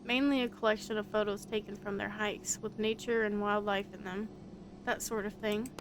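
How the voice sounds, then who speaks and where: A woman's voice: medium pitch, fairly even intonation, normal speed, background noise, close to an everyday voice. A woman voicing an earnest, inquisitive young investigator in a visual novel. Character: polite young investigator searching for someone.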